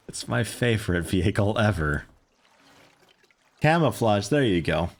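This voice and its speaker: Man, very deep voice, casual game stream commentary, rambling and joking. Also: lively intonation, measured pace, pauses often. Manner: rambling, joking asides to chat.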